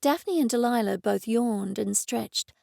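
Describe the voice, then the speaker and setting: Gravelly, close woman audiobook narrator. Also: on the high side, measured pace, a little mellow, dry recording. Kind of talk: scripted first-person audiobook narration.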